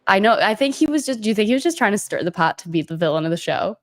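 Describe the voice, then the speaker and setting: A young woman co-hosting a reality show recap, chatty and animated, reacting to the live chat. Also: medium pitch, rapid-fire. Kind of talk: casual chat.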